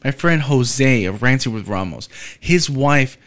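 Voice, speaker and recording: A man's voice: mid-range voice, lively intonation, a little slow, a bit bright. Blunt, profane man ranting on a podcast. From Texas. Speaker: podcast host. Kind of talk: opinionated solo rant.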